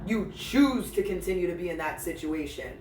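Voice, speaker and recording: A man's voice: sits high, expressive, moderate pace, a little mellow, distant mic, a little hiss or hum. A man hosting a podcast, telling a personal story in a blunt, profane way and speaking straight to his ex. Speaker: podcast host. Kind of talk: candid storytelling monologue. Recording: roomy, a little off-mic.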